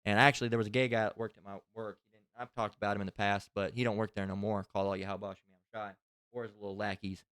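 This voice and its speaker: A man's voice: on the low side, little pitch movement, fast, a bit bright, clear, resonant tone, no room sound, studio quality. A man giving a casual religious lesson, talking in a rambling, profane, conversational way. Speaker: religious teacher. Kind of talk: casual spoken scripture lesson.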